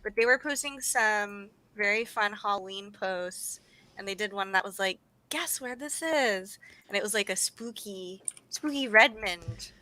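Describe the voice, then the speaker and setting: Bright, bubbly young woman streamer. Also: medium pitch, no room sound. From United States (grew up in Sacramento). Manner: bubbly, fast, laughing, says "oh my gosh" often. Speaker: livestream co-host. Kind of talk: casual chat.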